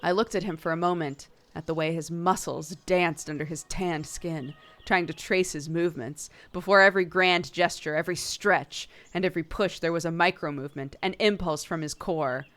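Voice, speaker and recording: A woman's voice: fairly low pitch, fairly even intonation, moderate pace, few pauses, a bit bright. A young woman streamer reading a narrative game aloud, breaking off for playful, laughing asides.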